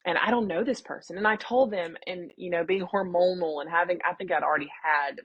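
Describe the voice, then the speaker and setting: A young woman with a lowish, breathy-edged voice talks a little fast as a podcast guest in a casual interview. She speaks candidly and emotionally, often acting out what her family said, and the audio is dull with no room sound.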